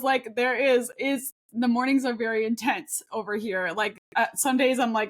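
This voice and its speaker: Her voice is on the high side, steady in tone and at normal speed, as this thirtysomething podcast co-host chats casually. She rambles sincerely, often restarting sentences and leaning on fillers.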